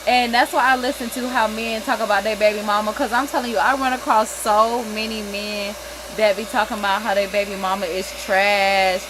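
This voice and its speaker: Animated gossiping woman in her thirties. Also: on the high side, background noise. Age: 30s. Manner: animated, swearing, laughing between stories. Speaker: livestream host. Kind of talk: casual gossip chat.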